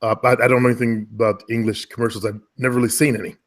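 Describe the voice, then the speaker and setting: Relaxed American man giving voice advice. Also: mid-range voice, rapid-fire. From United States. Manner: relaxed, talkative, advising. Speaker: guest, former radio and commercial voice talent. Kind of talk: casual conversation.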